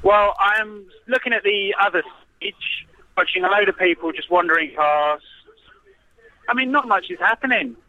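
A man's voice: high-pitched, moderate pace, pushed and bright, no echo. A man calling in to a radio show, chatting casually in a laid-back way over a tinny phone line. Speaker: phoned-in guest presenter.

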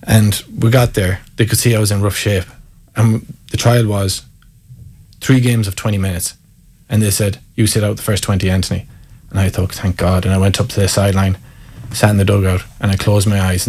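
Low-pitched and fairly quick, this man's flat, darkish voice carries a breathy edge. He's an Irish guest in his thirties being interviewed, with an Irish accent, spinning self-deprecating, candid anecdotes through laughter.

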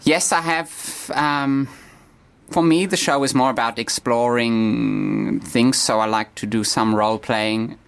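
A man playing a deadpan, hesitant man who invented a posh stage character, as a guest on a comedy radio interview. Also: medium pitch, creaky, smooth. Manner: halting, deadpan, slow and hesitant.

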